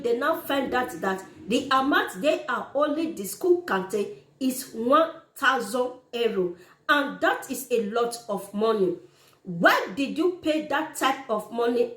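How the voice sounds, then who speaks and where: A woman giving other parents earnest, repetitive step-by-step advice in direct address. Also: on the high side. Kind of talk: informal how-to explainer. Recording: echoey room.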